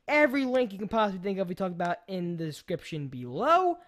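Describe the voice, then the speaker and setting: Animated swearing podcast host, a woman. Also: mid-range voice, fast talker. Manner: animated, swears a lot, storytelling. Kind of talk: casual chat.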